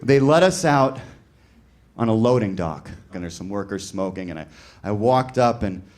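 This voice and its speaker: A man's voice: on the low side, animated, normal speed, darkish tone. Man telling a rambling stand-up story. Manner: conversational, rambling with lots of "like", voices other people in quotes. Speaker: stand-up comedian. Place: comedy venue with a live audience. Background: audience laughter.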